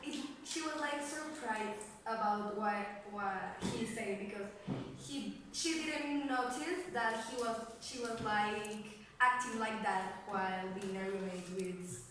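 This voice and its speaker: A woman's voice: medium pitch, takes it slowly, noisy background. A woman student answering her teacher hesitantly, searching for words. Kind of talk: classroom answers. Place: classroom, indoors. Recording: very echoey classroom, far from mic.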